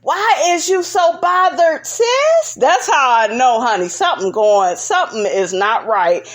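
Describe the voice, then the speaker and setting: A woman recapping a reality show in casual, sassy commentary, full of "honey" and big swoops of pitch for emphasis. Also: a little slow. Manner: sassy and animated, constantly saying "honey".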